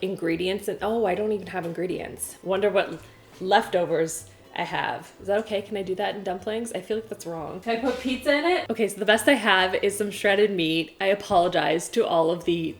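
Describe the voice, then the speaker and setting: A pregnant young woman in her kitchen, chatting to a camera on a stand as she cooks and mocking herself. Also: mid-range voice. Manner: chatty, self-mocking, talks to herself while cooking. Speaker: cooking vlogger. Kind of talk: casual chat to camera. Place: home kitchen.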